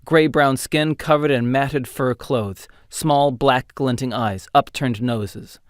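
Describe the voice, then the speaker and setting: A man narrating a fantasy audiobook in an expressive, dramatic storytelling style. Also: medium pitch, takes it slowly, clear, resonant tone, dry recording, studio quality. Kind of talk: scripted narration.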